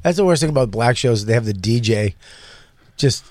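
A man in a casual chat, throwing in quick, jokey bits and interjections. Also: mid-range voice, lively intonation, darkish tone, dry recording, clean studio sound.

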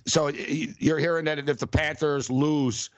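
A man co-hosting a casual sports talk show, telling stories in an animated, excitable way. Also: fairly high pitch, normal speed, no room sound.

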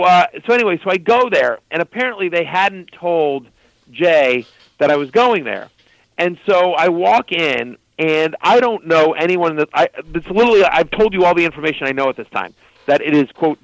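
A man guest telling a story in casual talk, animated and loose, full of fillers. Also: a little high, moderate pace, dry recording, dull audio.

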